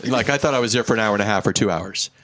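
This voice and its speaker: A man with a low voice, recorded close and dry, tells a story in relaxed chat. He talks animatedly, drops in quick asides and swears now and then. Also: no room sound.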